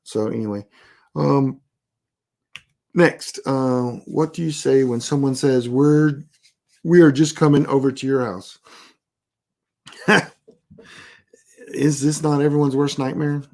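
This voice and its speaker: Laid-back prep-class teacher who rambles and restarts but turns blunt and deadpan on key points. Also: mid-range voice, slow pace, pauses often. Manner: rambling, self-interrupting, anecdotal. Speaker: preparedness class instructor. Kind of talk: casual live online class.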